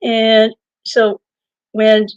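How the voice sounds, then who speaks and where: An older woman being interviewed, telling a long personal story in a lively way, laughing now and then and restarting her sentences. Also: fairly high pitch, drawn-out words, clear, resonant tone, no echo, dull audio. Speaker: interview guest and author. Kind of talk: conversational storytelling.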